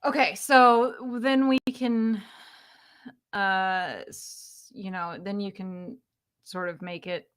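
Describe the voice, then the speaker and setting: A woman's voice: mid-range voice, steady tone, takes it slowly, a bit bright, clear, resonant tone. A woman casually walking through an AI image tool on screen, rambling and chatty with lots of fillers and an easy giggle. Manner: giggly, laughs easily. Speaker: video creator demoing an AI image tool. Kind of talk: casual screen-share walkthrough.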